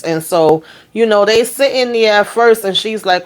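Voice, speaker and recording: A woman's voice: mid-range voice, fairly even intonation, normal speed, hardly any pauses, smooth. A woman vlogger recapping a TV episode in casual chat, retelling scenes in quoted dialogue with sassy asides.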